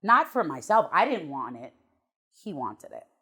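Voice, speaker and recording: A woman's voice: low voice, big pitch swings, unhurried, fairly bright tone, breathy edge. A middle-aged woman, a guest on an interview show, telling her life story bluntly and emotionally, with some swearing.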